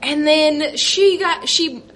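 A woman comedian tells a stand-up story in a very high, lively voice, laughing often between lines. She speaks unhurriedly on a live stage. Loud audience and noise surround the recording. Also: slow pace, a crowd in the background.

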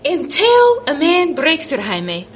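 A woman's voice: high-pitched, huge pitch swings, slow, exaggerated voice. Brusque lecturing doctor, put on by a woman. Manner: blunt, lecturing, overconfident. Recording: loud audience and noise.

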